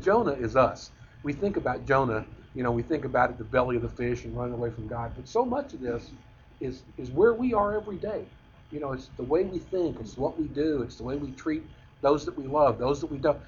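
A man's voice: mid-range voice, a little hiss or hum. A man teaching a Bible class in a conversational, rambling way, often restarting his sentences. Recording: dull lo-fi recording.

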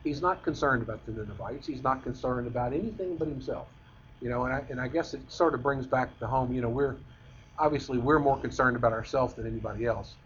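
A man's voice: mid-range voice, fast talker, slight background noise. A man teaching a rambling Bible class. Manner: conversational, rambling, with restarts. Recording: dull lo-fi recording.

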